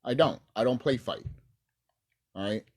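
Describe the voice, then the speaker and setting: A man's voice: mid-range voice, measured pace. A man ranting angrily on his own video channel, cursing freely as he talks at home into his camera's mic. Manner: angry, profane ranting. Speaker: YouTuber. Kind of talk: casual ranting vlog.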